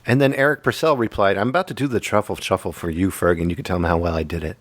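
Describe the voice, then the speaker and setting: A man's voice: sits low, quick pace, no room sound. A man in his fifties hosting a casual podcast chat, joking and laughing often as he tells stories. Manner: jokey, laughs often, animated storyteller. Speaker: podcast host.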